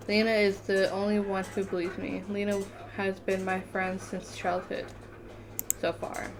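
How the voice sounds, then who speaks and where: A woman's voice: medium pitch, flat delivery, a little slow, a crowd in the background. A woman reading the text of a story game aloud in a casual let's-play manner, often tripping over words and correcting herself. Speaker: gamer reading a visual novel aloud.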